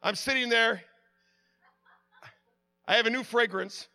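A man preaching, telling a lively personal story with sound effects and frequent restarts. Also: very high voice, unhurried, soft background music. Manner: drops to a hushed, prayerful tone at the close.

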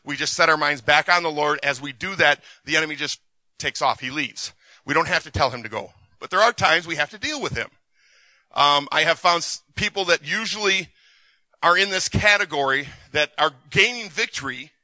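Male pastor, bright slightly high voice, chatty delivery with restarts. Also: animated, normal speed, no echo. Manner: conversational, with repeated restarts and acted quotes. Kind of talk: sermon with Q and A. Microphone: recorded for the session.

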